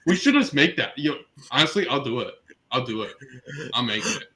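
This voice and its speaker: A man co-hosting a podcast in casual chat, excitable and laughing often, with lots of fillers. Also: mid-range voice, brisk, low-quality recording. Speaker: podcast co-host.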